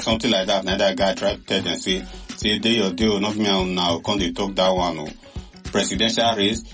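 A man's voice: on the low side, a bit bright. A man with a Nigerian Pidgin accent hosting a show, giving chatty, exclamatory commentary. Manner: chatty, exclamatory, with many fillers. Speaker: radio or online show host.

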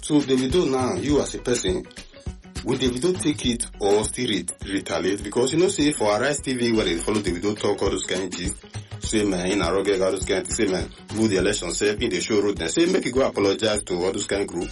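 Nigerian male radio host, lively pidgin-mixed gist chat, low-ish voice. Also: fast talker, faint music behind. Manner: animated, repetitive, mixes pidgin with English.

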